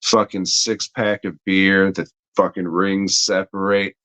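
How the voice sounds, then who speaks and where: Slow and deep, with little pitch movement and a fairly bright tone, a man co-hosts a podcast and spins a rambling, heavily profane story packed with fillers in a casual storytelling chat. There's no room sound.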